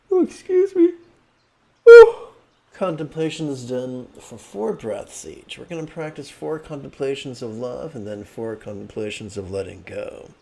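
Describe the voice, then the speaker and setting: Slow, gravelly-voiced man leading meditation. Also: medium pitch. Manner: chants mantras in a monotone, teaches in a relaxed, joking aside way. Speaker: meditation teacher. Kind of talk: guided meditation with mantra chanting.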